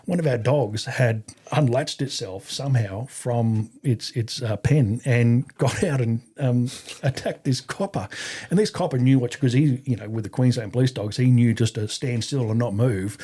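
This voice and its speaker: A man's voice: medium pitch, moderate pace, breathy edge. A middle-aged Australian man, a podcast guest and army veteran, telling a story casually and profanely, acting out what others said. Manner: profane, animated, acts out quoted voices.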